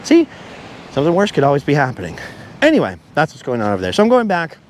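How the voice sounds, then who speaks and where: A man's voice: on the high side, wildly swooping pitch, fast talker, slight background noise. A man vlogging as he walks along a beach outdoors, talking at length and wandering off topic as he goes. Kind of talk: rambling walk-and-talk monologue.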